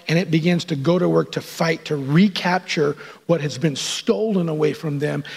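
A male pastor delivering a sermon in an earnest, conversational way. His voice sits a bit high and carries a gravelly, husky texture. He slips into little acted-out quotes as he talks. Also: a little mellow.

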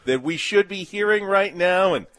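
A man's voice: high-pitched, normal speed, a bit bright. A male radio co-host chatting casually with a wry manner. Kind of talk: casual chat.

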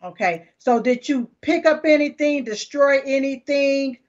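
Brash high-voiced woman interviewer. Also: unhurried, darkish tone. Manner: brash, informal questioning. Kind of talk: casual interview. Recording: dull lo-fi sound.

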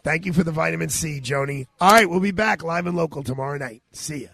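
Gravelly-voiced New man, 50s. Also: on the high side, fast. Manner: animated, retells dialogue in his own voice. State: sore throat. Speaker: radio show host. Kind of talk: personal storytelling monologue.

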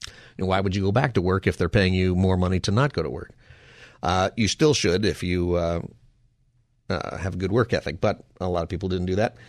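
A man's voice: low voice, a little fast, dry recording, clean studio sound. A man hosting a call-in radio talk show, rambling through topics with wry, folksy asides. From Southern California. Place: radio studio.

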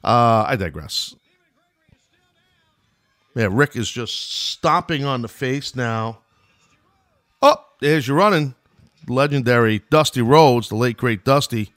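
A man's voice: medium pitch, slow, long pauses, fairly bright tone, no echo, studio quality. A middle-aged man with a New York accent, hosting a podcast and giving casual, rambling play-by-play of an old wrestling match, drifting into asides. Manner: loose and chatty, wanders into asides.

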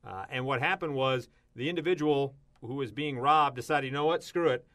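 A man co-hosting a casual show, telling odd news stories with big bursts of excitement. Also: mid-range voice, a little fast. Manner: animated storytelling with sudden loud exclamations. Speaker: radio show co-host.

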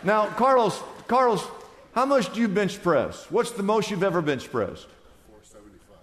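A man's voice: high voice, sing-song, moderate pace, a bit bright. A man preaching a sermon as pastor in a church, emphatic and calling out questions to the congregation. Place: large church sanctuary. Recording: live church hall reverb.

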